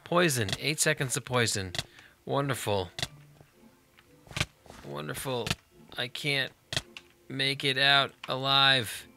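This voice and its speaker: A man's voice: medium pitch, a little slow, background noise. A man hosting a Let's Play, giving upbeat, chatty gameplay commentary and talking directly to viewers.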